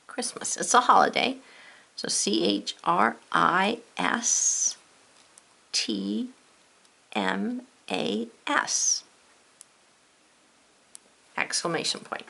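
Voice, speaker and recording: Female teacher, bright gravelly voice, animated and encouraging with young pupils. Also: medium pitch, very slow, pauses often. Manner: animated, encouraging, speaks directly to kids. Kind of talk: children's lesson to camera.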